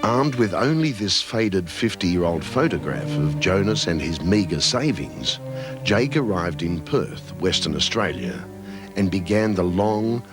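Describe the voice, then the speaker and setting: A man giving scripted documentary narration in a measured, solemn manner. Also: sits low, big pitch swings. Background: background music.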